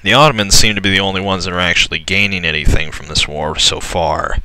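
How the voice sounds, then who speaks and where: A young man casually commentating a strategy game, excitable and swearing, often laughing in disbelief. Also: low voice, quick pace, dry recording, rough recording. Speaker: gameplay commentator. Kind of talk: casual let's-play commentary.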